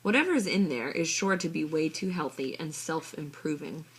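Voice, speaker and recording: A woman reading a children's story in the first person, with a soft, even, husky voice. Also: low-pitched, moderate pace. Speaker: audiobook reader. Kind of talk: storybook narration.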